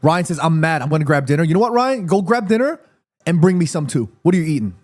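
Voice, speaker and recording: A man hosting a live watchalong stream in casual chat, excitable, reading viewer messages aloud and swearing freely. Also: fairly high pitch, fast.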